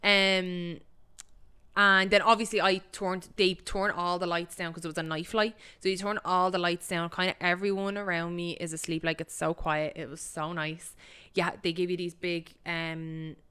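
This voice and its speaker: A woman's voice: on the low side, level tone, moderate pace, sharp tone, smooth. A young Irish woman co-hosting a podcast, telling a story in casual chat, full of fillers and the odd swear. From Ireland. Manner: chatty storytelling, full of likes and ums, swears freely. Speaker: podcast co-host.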